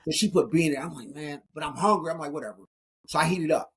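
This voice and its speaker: A man in his forties, a guest speaker in an interview, telling his life story in an animated way and acting out the dialogue. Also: a little high, quick pace, slight background noise. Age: 40s.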